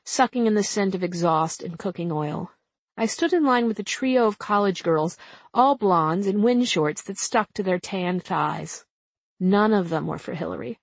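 A woman in her thirties reads her memoir with a wry, conversational touch. Her voice sits at a middle pitch and sounds dry and close, as if in a recording booth. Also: moderate pace, breathy edge, dry recording. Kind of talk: audiobook memoir narration.

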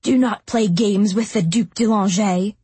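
A woman's voice: mid-range voice, a little slow, mellow, husky, no room sound. A woman voicing a proud, hot-tempered young male duke who speaks with defiance and venom in a storybook reading. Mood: defiant.

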